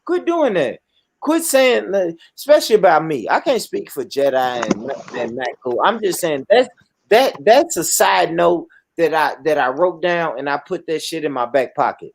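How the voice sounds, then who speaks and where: A man hosting a casual online panel chat, animated and slangy, often repeating himself. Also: a little high, normal speed, vocal fry, slight background noise. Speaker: panel host.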